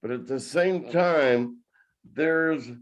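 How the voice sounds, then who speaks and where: Male podcast host, slow measured delivery, deliberate questions. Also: fairly high pitch, dull audio. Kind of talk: interview.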